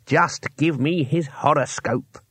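A man's voice: a little high, takes it slowly, fairly bright tone, slightly rough, no room sound, heavily acted. A man doing an irritable scheming wizard. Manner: irritable and curt. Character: impatient, scheming male wizard. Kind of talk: audiobook character voice.

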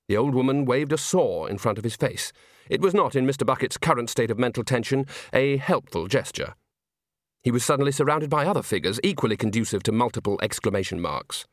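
Male narrator, expressive comic storytelling, middle pitch, dry studio feel. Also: fairly quick, dry recording. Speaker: audiobook narrator. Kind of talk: scripted narration.

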